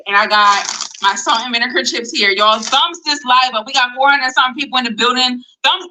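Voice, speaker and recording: A woman talks to viewers on a casual livestream, gushing with excitement and repeating her words. Her voice is very bright and forward, set a little high for a woman. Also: fairly quick, rough recording.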